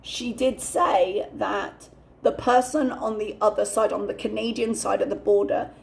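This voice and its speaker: A woman's voice: medium pitch, measured pace, vocal fry. A young woman hosting a reaction channel, ranting candidly and swearing freely as she comments.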